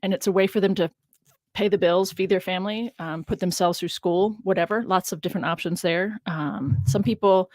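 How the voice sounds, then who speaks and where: A woman's voice: lowish voice, fairly even intonation, fairly quick, a little mellow, dry recording. A woman biblical scholar hosting a casual teaching livestream, musing aloud, laughing often and stressing key words.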